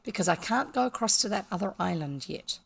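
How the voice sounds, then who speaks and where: Gravelly New Zealand woman playing a game. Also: mid-range voice, lively intonation, fairly quick. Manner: chatty, explains each step to viewers. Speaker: gaming vlogger. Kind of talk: casual game commentary.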